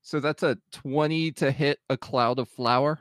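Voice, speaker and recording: Slow, smooth-voiced player. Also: male voice, medium pitch, fairly even intonation, dry recording, studio quality. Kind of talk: tabletop game play, describing his character.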